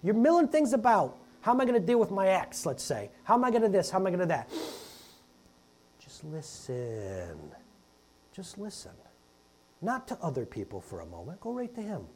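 A man's voice: sits high, wildly swooping pitch, quick pace, few pauses, darkish tone. A man in his thirties preaching a sermon in a conversational, jokey way. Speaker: pastor.

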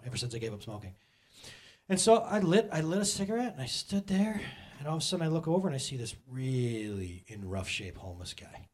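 Middle-aged male pastor, raised pitch, lively storytelling sermon, slightly husky. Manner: animated, self-mocking, laughs often. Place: church.

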